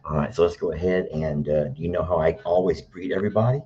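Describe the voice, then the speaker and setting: A man's voice: deep voice, fast talker, mellow. A middle-aged man hosting a live stream in a chatty, teacherly way. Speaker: livestream host. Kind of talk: casual live-stream chat. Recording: dull lo-fi sound.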